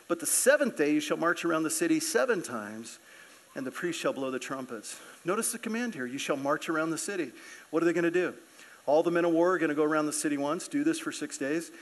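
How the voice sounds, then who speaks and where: High-voiced animated preacher. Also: male voice. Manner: animated, acts out scripture characters. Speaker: pastor. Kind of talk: sermon. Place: church sanctuary.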